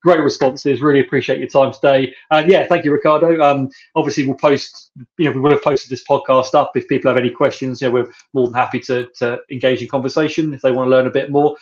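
A man hosts a podcast and talks fast, one thought running into the next. He leans on "you know" again and again. The sound is dull and muffled, like a lo-fi recording. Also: medium pitch, fairly even intonation. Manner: rambling, lots of "you know". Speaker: podcast host. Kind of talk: podcast interview.

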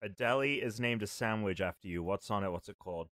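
A playful man rambles through a casual drinking game with friends. His voice sits a little low but sounds bright. The sound is dry and close. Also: fast, no room sound.

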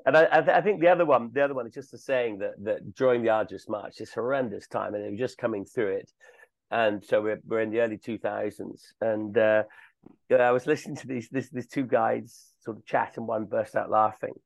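A man chatting casually, telling stories haltingly with many pauses and restarts, and chuckling through them. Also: on the low side, creaky, no room sound, rough recording. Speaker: guest, tour company co-founder. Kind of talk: casual storytelling chat.

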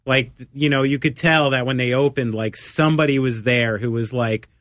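A laid-back host asking questions in a casual interview, tossing in quick agreements and the odd swear. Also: mid-range voice, fairly even intonation, fairly bright tone, no echo, clean studio sound.

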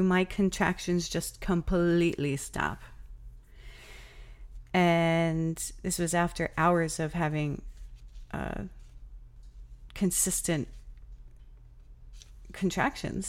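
A young woman speaks frankly about her own experiences as a podcast host, in a lower register and an unhurried, slow delivery. She sounds candid and exasperated, peppering her talk with fillers. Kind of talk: personal reflective storytelling.

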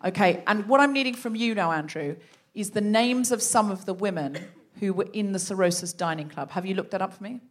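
A woman's voice: mid-range voice, brisk, few pauses. A woman hosting a live comedy podcast on a theatre stage, chatty and leading the story. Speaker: podcast host.

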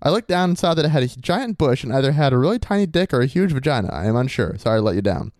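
Fast-talking man, brash comedic reading. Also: mid-range voice, very animated, a little mellow, no echo, clean studio sound. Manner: reads in a swaggering, crude bro persona with laughs breaking in. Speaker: podcast host. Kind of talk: comedic reading of a listener story.

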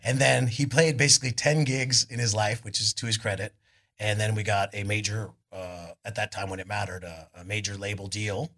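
Husky, animated man telling stories on stage. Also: fairly low pitch, brisk. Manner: laid-back, animated storytelling with voices for quotes. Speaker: guest musician. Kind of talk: live podcast storytelling. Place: arts club on stage before an audience.

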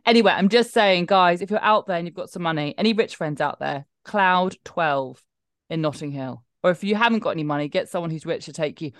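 A woman's voice: lowish voice, a little fast, no room sound, clean studio sound. A middle-aged woman co-hosting a podcast, chatting emphatically with lots of asides. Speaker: podcast co-host. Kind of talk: casual chat.

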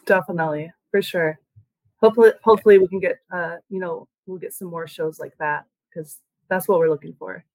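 Chatty woman musician with a low voice. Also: steady tone, fairly quick, a little mellow, no echo, poor audio. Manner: chatty, full of "like" and "you know" fillers. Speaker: musician and band member. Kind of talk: casual interview chat.

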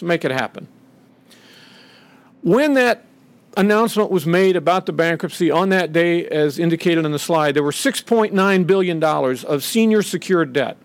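A middle-aged man giving an impassioned, indignant public speech from a podium, acting out the voices he quotes. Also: no room sound. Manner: indignant, acts out quoted voices with rising pitch. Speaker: speaker at a podium.

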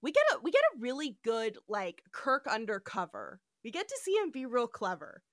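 A woman's voice: fairly high pitch, moderate pace, no echo, clean studio sound. A woman hosting a casual podcast, retelling episode scenes and acting out the characters' lines. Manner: animated storytelling, acts out quotes. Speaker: podcast host.

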